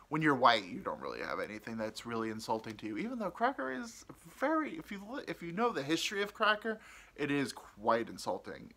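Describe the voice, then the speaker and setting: A man's voice: medium pitch, bright, forceful tone. A man hosting a podcast, telling a rambling personal story, hesitant, with many ums and restarts. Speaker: podcast host.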